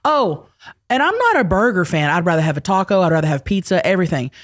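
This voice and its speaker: Woman podcast guest, enthusiastic, swooping lively intonation, dry close sound. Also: on the low side, fast, dry recording. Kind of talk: casual podcast chat.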